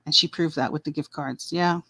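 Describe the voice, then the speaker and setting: A woman's voice: deep voice, steady tone, brisk, gravelly, pushed and bright, dry recording. A woman co-hosting a casual livestream chat, blunt and heated, swearing freely. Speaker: livestream co-host.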